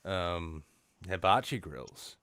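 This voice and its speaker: A man's voice: low voice, lively intonation, slow pace, fairly bright tone, clear, resonant tone, no echo. A man doing an improvised comedy bit, rambling in a mock-serious tone with lots of restarts. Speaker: podcast co-host.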